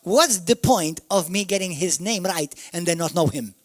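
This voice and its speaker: A man with a Maltese accent preaching a sermon, emphatic, swinging from shouts down to murmurs. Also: high voice, animated, normal speed. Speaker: pastor. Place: church.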